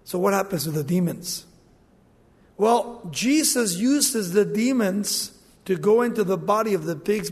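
Man preaching, high voice, big echoey hall, acts out the quotes. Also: a little mellow, slightly rough. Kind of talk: sermon.

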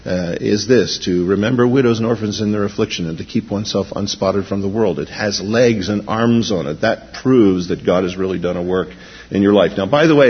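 A male pastor delivers an animated sermon, his voice lifting when he quotes scripture. His voice sits low with a husky edge. The recording is dull and lo-fi, with long reverb from a large church sanctuary. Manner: animated preaching, raises voice when quoting.

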